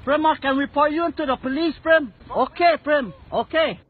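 Shrill, swooping road-rage driver in pidgin, tinny line. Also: male voice, moderate pace. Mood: angry. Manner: yelling, cursing, chopped-up pidgin English.

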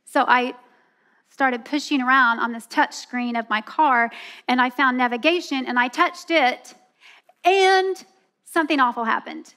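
High-voiced woman preaching. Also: a little slow, bright, forceful tone. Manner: earnest, storytelling, acts out voices with laughs. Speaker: speaker at women's church event. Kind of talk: sermon with personal story. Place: church event stage.

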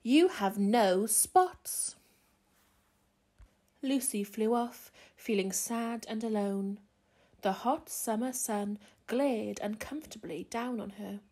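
A woman reading a children's picture book aloud in a gentle, expressive way. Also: on the high side, unhurried, slightly rough. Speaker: children's storyteller.

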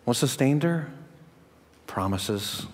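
A man delivering a sermon from the pulpit, with a middle-range voice that climbs higher and louder when he drives a point home. He tells stories and puts questions to the congregation. His voice rings with the long reverb of a large church hall. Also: takes it slowly. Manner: storytelling, animated, rising in pitch and volume for emphasis. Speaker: pastor.

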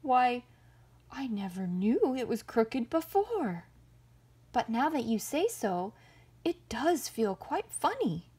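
A large, easily frightened storybook bear, voiced by a woman, moaning and fretting about his health. The voice is soft and breathy and moves slowly. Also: on the high side, big pitch swings, full character voice. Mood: worried. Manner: worried, moaning. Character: big gullible male bear, easily frightened.

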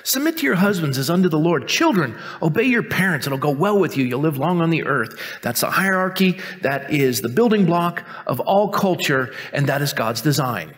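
A man preaching a sermon as pastor, mixing jokes at his own expense with earnest teaching, and dropping to a quiet, intense tone for stern points. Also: fairly high pitch, expressive, moderate pace, hardly any pauses. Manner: joking, self-mocking asides between earnest teaching. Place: church sanctuary. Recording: long reverb of a church hall.

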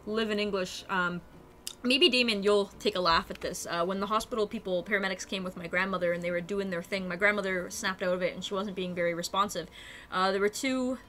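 A woman's voice: mid-range voice, brisk, a bit bright. A young adult woman streaming a game, chatting casually and animatedly with her viewers and laughing often.

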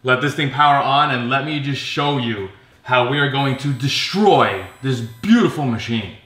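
A man's voice: mid-range voice, expressive, moderate pace, a bit bright. A man hosting a casual pinball vlog, ranting sarcastically with plenty of swearing and laughter. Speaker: pinball vlogger. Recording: roomy echo.

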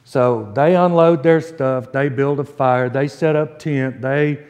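A man, preaching a sermon as pastor and telling folksy stories with slow, emphatic delivery. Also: medium pitch, darkish tone. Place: church sanctuary. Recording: long church reverb.

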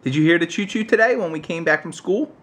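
An American man chatting casually with his toddler on camera, using playful baby talk and high, coaxing questions. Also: quick pace, a bit bright. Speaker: parent vlogger.

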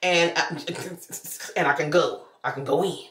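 A woman's voice: low voice, fairly even intonation, brisk, a bit bright. A woman, talking casually to her vlog viewers with loose slang and chatty asides. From New Orleans. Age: 50s. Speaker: vlogger. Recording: echoey room.

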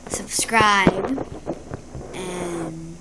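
A woman's voice: fairly low pitch, extremely slow, very noisy. A female vlogger telling a dramatic story about her injured ankle to the camera, chatty and sometimes dropping into a whisper.

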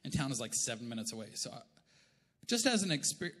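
A man's voice: mid-range voice, very animated, fast talker, a bit bright. A middle-aged Canadian man preaching a sermon as pastor, in a conversational, joking way. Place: church auditorium. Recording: long echo of a large church hall.

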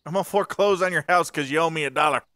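Guy doing a raised-voice fussy neighborhood rules official, stiff and officious, bright tone. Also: fairly high pitch, rapid-fire, dry recording, pitched above the performer's own voice. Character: officious nitpicking male neighborhood association official.

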